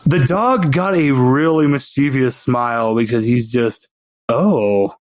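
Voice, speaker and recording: A man narrating as game master in a tabletop game, chatty and animated. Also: mid-range voice, a little slow, no echo.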